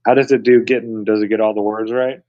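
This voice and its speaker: A man with a lowish voice talks casually with friends on a podcast, telling stories with animation. The sound is dry and close, with a somewhat dull, lo-fi tone. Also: fast talker, no echo. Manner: animated storyteller, mimics people in high voices. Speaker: podcast co-host. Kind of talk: casual chat.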